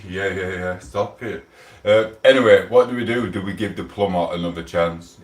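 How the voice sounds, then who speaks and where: Rambling man, deep voice. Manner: rambling, chatty, reads out chat messages. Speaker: livestream host. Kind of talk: casual live-stream chat. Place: at home. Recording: roomy and distant from mic.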